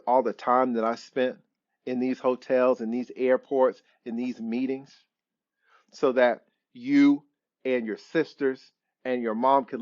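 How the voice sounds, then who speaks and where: A man's voice: mid-range voice, dull audio, natural voice. A man playing an indignant lecturing father. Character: proud, wounded hardworking father.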